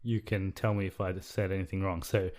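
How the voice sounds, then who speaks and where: A man's voice: low voice, level tone, fairly quick, darkish tone. A man co-hosting a podcast, talking hesitantly and restarting sentences as he thinks aloud. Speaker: podcast co-host. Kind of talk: casual chat.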